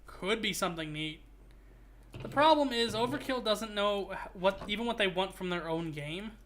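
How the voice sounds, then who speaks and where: Bright, rambling streamer man. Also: high voice, animated, moderate pace, slight background noise. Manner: rambling, joking, restarts phrases. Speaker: streamer host. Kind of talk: casual gaming stream chat.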